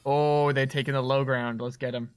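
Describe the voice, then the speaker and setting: A young man co-hosting a livestream in casual chat, reacting quickly and excitably. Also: mid-range voice, smooth. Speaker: livestream co-host.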